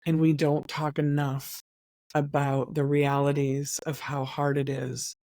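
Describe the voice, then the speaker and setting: A woman's voice: low-pitched, completely flat delivery, unhurried, mellow, dry recording, studio quality. A woman hosting an interview podcast, affirming and supportive toward her guest. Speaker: podcast host. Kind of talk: interview conversation.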